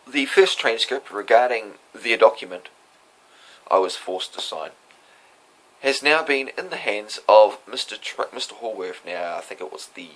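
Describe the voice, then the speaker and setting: Man in a casual monologue, emphatic and defiant, with a raspy, tense edge. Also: fairly low pitch, a bit bright, rough recording. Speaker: self-represented defendant recounting a court hearing.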